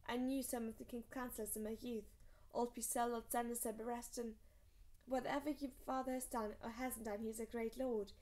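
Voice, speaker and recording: A woman reading aloud, voicing a gruff, blunt old male lord commander who growls his commands. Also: fairly high pitch, little pitch movement, fairly quick, dark tone, close to an everyday voice. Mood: stern.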